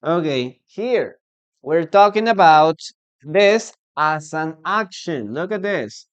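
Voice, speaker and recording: A man with a Peruvian Spanish accent teaching an online English lesson, slow and deliberate, repeating words for learners. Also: fairly high pitch, expressive, clear, resonant tone.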